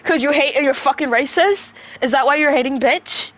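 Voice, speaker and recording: A young woman ranting on a livestream into a close mic, combative and full of swearing, talking fast and breathing hard. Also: sits high, a bit bright. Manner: profane, combative, rapid rants with breathing. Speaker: livestreamer answering chat.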